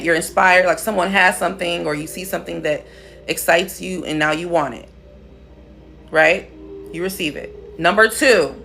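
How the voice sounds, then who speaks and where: A woman's voice: fairly low pitch, creaky, fairly bright tone. A woman hosting a casual spiritual livestream, talking in a blunt, profane, playful way.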